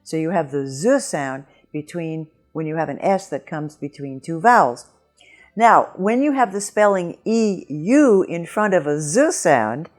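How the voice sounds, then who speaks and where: A woman's voice: sits low, darkish tone. A woman teaching French pronunciation in an online lesson, explaining patiently and modeling example words.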